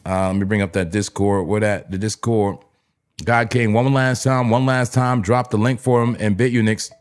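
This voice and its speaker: Man from New Jersey, lowish voice, hyped and chatty livestream host who repeats his calls to viewers. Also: fairly even intonation, moderate pace, faint music behind. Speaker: livestream crypto trading host. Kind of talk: casual live-stream commentary.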